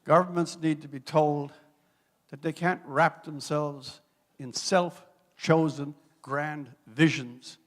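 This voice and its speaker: High-voiced man in echoing hall. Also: steady tone, slow. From Newfoundland, Canada. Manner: wry, dramatic storytelling with rhetorical flourishes. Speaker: guest speaker. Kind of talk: after-dinner speech. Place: gala banquet hall. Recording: long reverb of a large hall.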